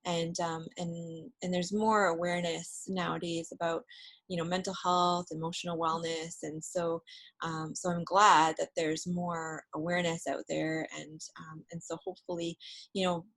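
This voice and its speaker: Soft-spoken woman hosting an interview. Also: fairly low pitch, normal speed, no room sound, low-quality recording. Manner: soft-spoken, many fillers and restarts. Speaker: host. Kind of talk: casual video-call interview chat.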